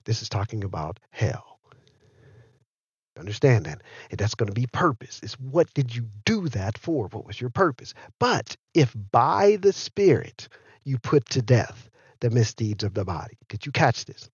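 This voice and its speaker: A man preaching a sermon, animated, often asking his listeners whether they understand. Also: medium pitch, measured pace, breathy edge, no room sound, highs cut off. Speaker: pastor.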